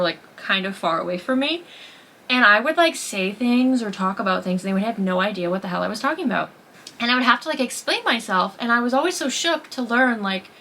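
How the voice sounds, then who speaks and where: A young woman with a Massachusetts accent talks to her viewers from home, bubbly and exclamatory, leaning on "like" at every turn. Her voice sits at an ordinary middle pitch, with a faint hum of noise behind her. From Massachusetts, USA. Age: 20s. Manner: excitable, heavy use of "like", exclamatory. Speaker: vlogger. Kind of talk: casual chat to camera. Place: at home, later in her kitchen.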